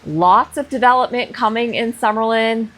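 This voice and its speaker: A woman's voice: fairly high pitch, moderate pace, fairly bright tone, soft background music. A middle-aged woman real estate agent walking through a house on a casual tour, gushing enthusiastically about each room. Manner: enthusiastic, gushing about features, chatty asides. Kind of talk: casual walkthrough home tour. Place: indoors in a large house.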